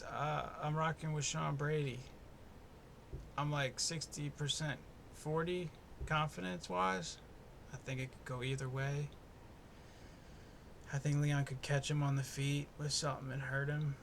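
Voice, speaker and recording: Young male podcast host, gravelly and slightly high, loose and profane, cracks jokes as he rambles. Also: steady tone, measured pace, a bit bright, a little hiss or hum. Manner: profane, laid-back, rambling and jokey. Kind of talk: casual solo fight-prediction podcast. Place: home in the US East Coast.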